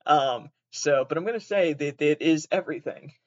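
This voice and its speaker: A slightly high-voiced podcast host from southeastern Massachusetts, with an upper Midwestern or southern Canadian accent, talks at a moderate pace on his casual solo show. He wanders off topic, laughs mid-sentence, swears openly, and jokes at his own expense. There's no echo, but the audio is dull.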